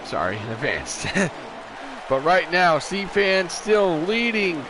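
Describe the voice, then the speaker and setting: Male streamer commentator, a bit higher voice, tired and rambling, calls laps loosely, faint hiss behind him. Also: sing-song, slow pace. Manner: casual, rambling, stops to correct himself. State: tired, yawning. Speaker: race commentator. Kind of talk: sim racing commentary on a stream.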